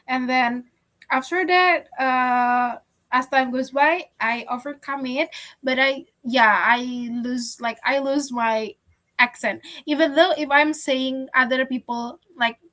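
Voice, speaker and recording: A young woman from Indonesia telling a personal story in a class discussion, speaking haltingly with frequent restarts. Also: high-pitched, steady tone, bright, forceful tone. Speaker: student.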